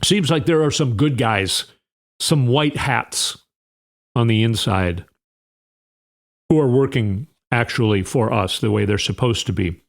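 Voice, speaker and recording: A man's voice: medium pitch, animated, a little slow, vocal fry, pauses often. A man hosting a podcast, rambling through sarcastic, opinionated political commentary. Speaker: podcast host.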